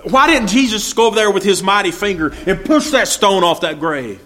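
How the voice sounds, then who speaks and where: A man's voice: high voice, animated, brisk, sharp tone. A man preaching a sermon, asking rhetorical questions and reading scripture aloud in old-fashioned English.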